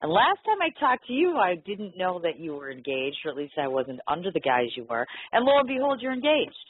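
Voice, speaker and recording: A woman's voice: on the low side, very animated, a little fast, slightly rough. A woman hosting a radio interview, gushing and bubbly, with lots of ums. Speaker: talk radio host. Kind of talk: casual interview chat. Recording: tinny phone-line audio.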